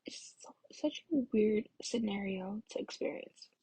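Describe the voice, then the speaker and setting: A young woman talking to camera in a casual vlog, soft-spoken and exasperated, often dropping to a near whisper and filling her sentences with "like.". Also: mid-range voice, unhurried, rough recording. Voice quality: breathy, often half-whispered. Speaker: vlogger.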